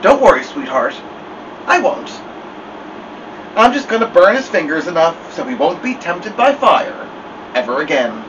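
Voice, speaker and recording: A man's voice: on the high side, big pitch swings, moderate pace, pauses often, distant mic, highs cut off, noisy background. A man voicing a stern mother who talks sweetly while threatening her son, in a storybook reading. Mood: menacing sweet. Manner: sweet-talking with menace. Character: stern fierce mother, coaxing then threatening.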